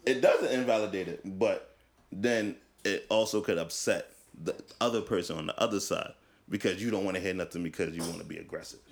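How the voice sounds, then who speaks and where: A man on a casual podcast who argues back and keeps interjecting. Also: low-pitched. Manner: argumentative, quick to interject.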